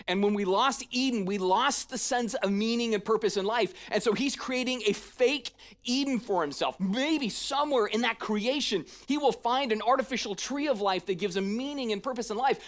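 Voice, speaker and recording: Pastor preaching in church, mid pitch, chatty, keeps saying "right?" and acting stuff out. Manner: conversational, often checking in with "right?"; acts out paraphrased lines in a lively, casual voice. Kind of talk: sermon.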